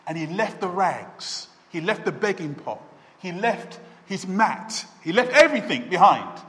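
A man's voice: a little high, a bit bright. A pastor, a man, giving an emphatic storytelling wedding sermon in a church. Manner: storytelling, emphatic with slow stretched phrases. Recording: echoey church hall.

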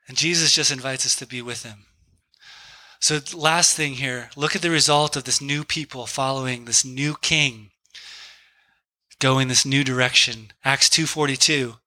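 A man in his thirties preaching a sermon, telling a story and acting out a friend's excited quotes. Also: fairly high pitch, moderate pace. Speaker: pastor.

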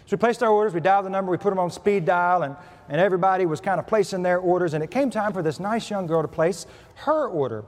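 A man preaching a sermon as pastor, telling a humorous story with lively shifts in loudness and pitch. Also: fast talker. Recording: preached in a hall with long reverb.

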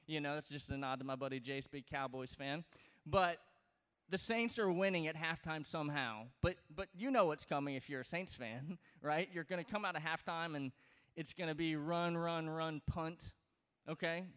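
A man from Louisiana, preaching a sermon in a relaxed, joking way with many fillers and restarts. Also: on the high side, normal speed, smooth. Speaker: pastor. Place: large church auditorium. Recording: reverberant hall.

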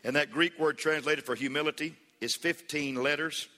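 A man's voice: on the high side, steady tone, moderate pace, pushed and bright. A man preaching a sermon as pastor, building to fervent peaks, calling on the congregation to answer back, and telling folksy jokes and stories. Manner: preaching with rising fervor, calls for congregation responses; folksy humor and storytelling. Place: church hall. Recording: echoey hall reverb.

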